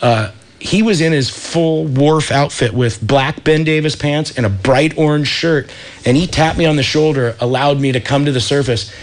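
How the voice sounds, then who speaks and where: Radio talk show guest, thirties, Californian man, relaxed surfer storyteller, higher-pitched voice. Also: normal speed. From Santa Cruz, California. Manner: laid-back surfer talk, lots of dude and like. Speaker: radio show guest, wetsuit company founder.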